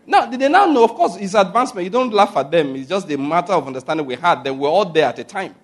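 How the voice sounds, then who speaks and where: Husky-voiced preacher man, emphatic. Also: high voice, sing-song, fast. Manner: emphatic, repeats key phrases, asks the listeners questions. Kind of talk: sermon.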